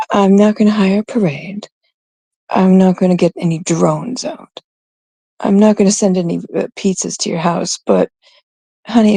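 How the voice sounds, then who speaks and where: A woman's voice: mid-range voice, creaky, dark tone, breathy edge, dry recording. A woman from Canada hosting her own livestream, talking in a gossipy, confiding, rambling way. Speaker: streamer, host of her own show. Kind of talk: casual livestream chat.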